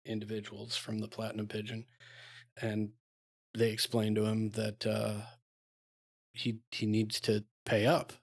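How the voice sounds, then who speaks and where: A man playing a tabletop game, recounting his character's adventures in a halting way with many fillers. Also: on the low side. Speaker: player.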